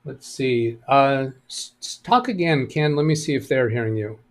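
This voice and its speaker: A man's voice: mid-range voice, moderate pace. Casual male live stream host. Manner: thinks aloud, reads chat messages and answers them. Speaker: live stream host answering computer questions. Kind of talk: casual live stream chat, reading viewer comments.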